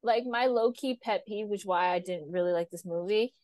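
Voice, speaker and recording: A woman's voice: medium pitch, normal speed, a little mellow, dry recording. A woman co-hosting a podcast in casual chat, ranting with exasperation about her pet peeves. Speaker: podcast co-host.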